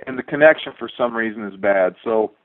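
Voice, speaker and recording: A middle-aged man, a former astronaut, telling a relaxed, wry anecdote with a dry sense of humor and many fillers. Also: fairly low pitch, fairly quick, no echo. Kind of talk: storytelling anecdote. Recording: tinny dry phone-like line.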